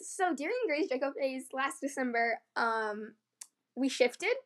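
A teenage girl with a high voice, telling stories to her friends on a podcast. She is giggly and animated, and her high pitch carries her through each story. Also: unhurried. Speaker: podcast co-host. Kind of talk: casual storytelling chat.

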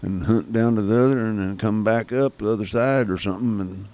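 A man's voice: lowish voice, brisk, dark tone. A man in his seventies from Kansas, a guest telling folksy hunting stories in casual talk. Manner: folksy yarn-spinning with rough grammar. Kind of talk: casual storytelling.

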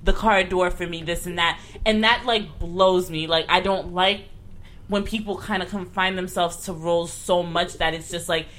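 Female co-host, animated, opinionated casual chat. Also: lowish voice, normal speed. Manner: animated, outspoken, laughs a lot. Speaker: podcast co-host.

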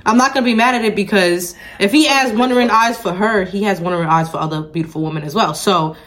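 A woman's voice: medium pitch, quick pace, fairly bright tone. A woman co-hosting a casual chat podcast, talking emphatically and repeating her points to drive them home. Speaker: podcast co-host.

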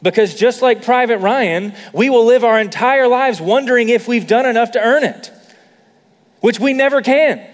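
A man's voice: very high voice, normal speed, long reverb tail. A man preaching a sermon as a pastor, conversational with many fillers, building to emphatic peaks.

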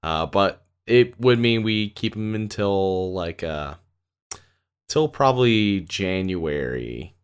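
Low-voiced man, lively rambling chat. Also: slow pace, clean tone. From Canada. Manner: laid-back, rambling with many fillers. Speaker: podcast co-host. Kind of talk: casual chat.

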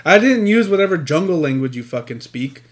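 A man's voice: fairly high pitch, brisk. A man telling crude stories in casual, profanity-laced chat with a friend. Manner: profane, animated storytelling.

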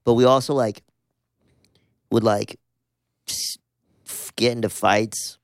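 A man's voice: medium pitch, fairly even intonation, takes it slowly, clean tone, no room sound, clean studio sound. A man in his thirties from Southern California, a musician telling stories in casual chat, rambling with lots of fillers and swearing. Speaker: musician guest.

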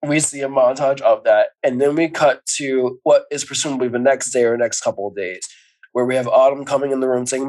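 Podcast co-host, male, mid-pitched, chatty animated recap delivery. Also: a little fast, rough recording. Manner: animated storytelling, acts out characters' lines with laughs. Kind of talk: casual movie recap chat.

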